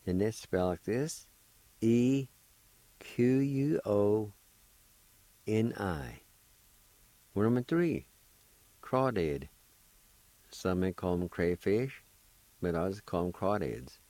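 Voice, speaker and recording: A man hosting a radio language lesson, spelling each word letter by letter and then pronouncing it slowly and patiently. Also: low voice, very animated, mellow, dry recording. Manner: encouraging. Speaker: language teacher and radio host.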